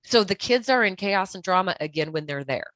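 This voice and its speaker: A woman's voice: medium pitch, expressive, fairly quick, a bit bright, dry recording. Earnest woman giving direct advice. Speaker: guest expert on toxic relationships. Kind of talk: podcast interview.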